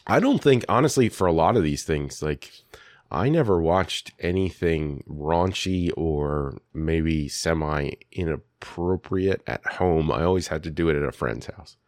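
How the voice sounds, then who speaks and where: A man's voice: extremely low pitch, expressive, no echo, studio quality. A man co-hosting a podcast in casual chat, rambling and correcting himself as he talks. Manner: rambling, self-correcting, quick to laugh. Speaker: podcast co-host.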